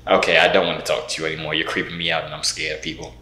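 A man's voice: rumbling low, little pitch movement, rapid-fire, bright, forceful tone, roomy sound. A young man vlogging, teasing strangers on a video call with a playful, mock-serious manner. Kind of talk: prank video-call chat.

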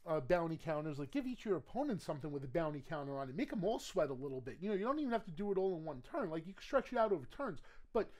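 A man gives casual running commentary while opening booster packs. His talk wanders and stumbles over fillers and restarts. It breaks into laughter and loud, gleeful yelling when he pulls the cards he wants. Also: fairly high pitch, very fast, few pauses. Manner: rambling and chatty with bursts of loud excitement. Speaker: card game collector opening booster packs.

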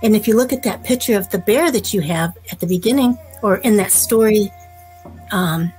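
A woman storyteller telling a folk tale to children in a gentle, unhurried way. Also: mid-range voice, husky, faint music behind, low-quality recording.

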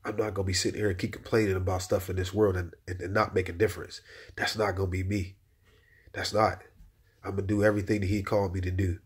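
Man, low husky voice, heartfelt spoken testimony, repeats key phrases like a preacher. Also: flat delivery, fast talker. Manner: preacher-like, repeats phrases, rises in pitch when exhorting. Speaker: Christian encourager giving personal testimony.

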